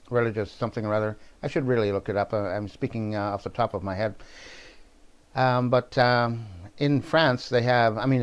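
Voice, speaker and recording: A man with a mid-pitched voice gives a casual political monologue. He wanders from one point to the next and offers his opinions freely. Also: darkish tone, muffled recording. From New Brunswick, Canada. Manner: rambling, digressive and opinionated. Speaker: vlogger.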